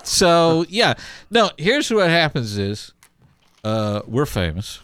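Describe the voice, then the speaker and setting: A man's voice: fairly high pitch, sing-song, slow, a bit bright, clean tone, no room sound, studio quality. A man co-hosting a podcast, joking and rambling with fillers and laughs in casual comedic chat. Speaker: podcast co-host.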